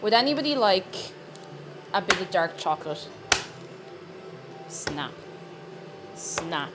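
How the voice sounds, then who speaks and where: A woman live-streaming while she bakes, chatting casually. She bursts into excited squeals and shouts, then drops to soft mumbles and laughs. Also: lowish voice, takes it slowly, loud music behind the voice.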